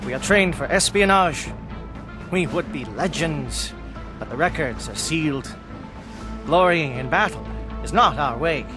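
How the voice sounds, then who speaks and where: An actor playing a stern, disciplined alien military captain in a video game, speaking in formal, clipped military phrases. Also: male voice, a little high, animated, unhurried, long pauses, music in the background. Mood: solemn. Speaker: commander briefing troops.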